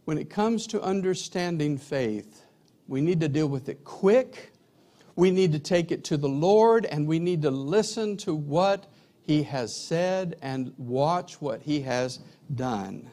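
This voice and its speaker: Animated man preaching a sermon. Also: on the high side, slow pace. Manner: animated storyteller, acts out dialogue.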